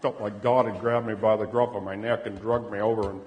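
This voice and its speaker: A low-pitched man tells a personal story with earnest feeling. His level swings from loud bursts to soft, hushed lines. A long reverb trails behind his voice. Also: little pitch movement, fairly quick, muffled recording. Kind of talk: personal anecdote.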